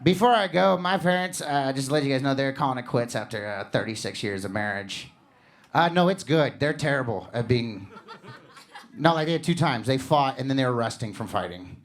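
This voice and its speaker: A man in his thirties from Missouri doing a stand-up comedy set, animated and jumping into loud mock voices for his bits. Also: mid-range voice, brisk. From Missouri, USA.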